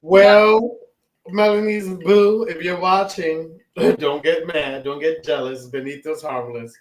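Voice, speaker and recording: A man co-hosting a podcast in relaxed, casual chat, laughing easily and using many fillers. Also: on the high side, slow pace, roomy sound. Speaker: podcast co-host.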